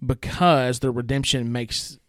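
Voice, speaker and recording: An opinionated man co-hosting a casual podcast debate, pressing his points with plenty of "like" fillers. His voice sits at an ordinary middle pitch. It is recorded dry, with no room sound. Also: fairly even intonation, measured pace, no echo. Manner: emphatic, many "like" fillers. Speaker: podcast co-host.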